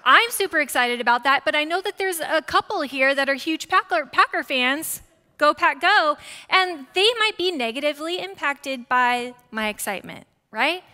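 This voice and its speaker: A woman in her forties preaching a sermon as pastor, lively and conversational, with frequent asides to the congregation. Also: high-pitched, normal speed. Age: 40s. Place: church sanctuary. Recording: church hall with long reverb.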